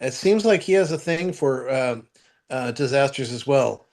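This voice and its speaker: A man's voice: mid-range voice, lively intonation, normal speed, a little mellow. A man co-hosting a podcast, chatting casually and listing movie trivia with frequent stumbles and restarts. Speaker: podcast co-host. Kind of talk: casual chat about movies.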